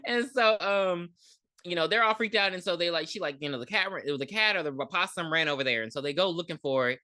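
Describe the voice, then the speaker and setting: A woman's voice: on the low side, animated, fast, pushed and bright. A woman co-hosting a podcast, retelling a movie's plot in casual, profane chat. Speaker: podcast co-host.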